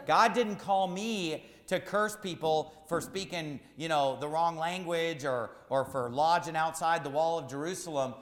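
A man preaching a sermon as pastor, emphatic and repetitive, rising to shouts at times. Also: a little high, a little slow, few pauses, echoey room, in a large hall.

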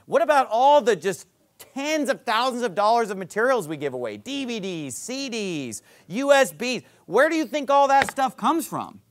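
Man, pastor preaching, high voice, emphatic, rhetorical questions, middle-aged. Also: big pitch swings, moderate pace. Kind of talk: sermon. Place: church auditorium.

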